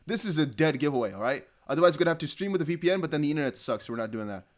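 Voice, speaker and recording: His pitch is fairly high, his intonation lively, and his speech very fast. The young man, from the Netherlands, hosts a casual crypto livestream and reads out donations while chatting, laughing, and rambling with restarts.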